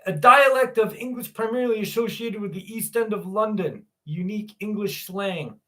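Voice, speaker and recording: A man's voice: high voice, normal speed, hardly any pauses, bright, forceful tone. A man hosting a casual livestream, rambling and joking and laughing at himself, then reading a viewer's story aloud. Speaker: livestream host.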